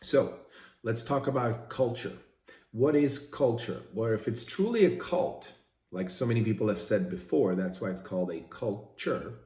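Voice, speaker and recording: A man's voice: mid-range voice, moderate pace, warm tone, echoey room. A middle-aged man from Switzerland gives a casual motivational talk to camera, speaking conversationally and often checking in with "right?". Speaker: vlogger.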